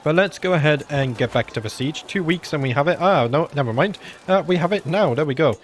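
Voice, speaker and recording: Relaxed British man musing through a strategy game. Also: a little high, fairly quick, slight background noise. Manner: relaxed, musing, frequent "uh" fillers. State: slightly under the weather, clearing throat. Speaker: gaming channel host. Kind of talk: casual let's-play commentary.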